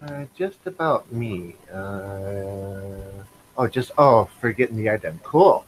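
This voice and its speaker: A man co-hosting a casual livestream, reading viewer chat messages aloud in a relaxed way. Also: fairly low pitch, takes it slowly, a little hiss or hum, rough recording.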